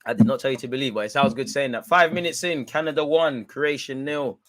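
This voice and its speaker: A man calling a football match live for his viewers, excitable and full of slang. His voice sits at a middling pitch and is recorded dry and close, with no room sound. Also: a little fast, dry recording. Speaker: watch-along host. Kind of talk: live football watch-along commentary.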